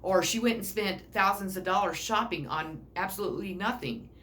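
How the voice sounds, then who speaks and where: A woman's voice: mid-range voice, moderate pace, a bit bright, a little hiss or hum. A middle-aged woman giving a casual self-help talk, blunt and rambling, swearing freely. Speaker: personal growth speaker.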